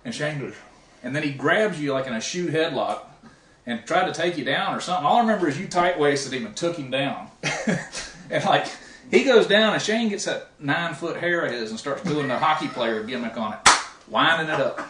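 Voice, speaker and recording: Animated, bright-voiced storytelling man. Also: a little high, a little fast. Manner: animated, profane, laughing storyteller. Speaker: pro wrestler telling road stories. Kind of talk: casual storytelling chat. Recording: echoey room, distant mic, faint noise.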